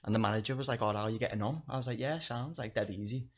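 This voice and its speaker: A young man spins stories in easy, casual chat. He swears freely and laughs as he goes, in a mid-pitched voice. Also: rapid-fire. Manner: swears a lot, laughs through his stories. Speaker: guest comedian.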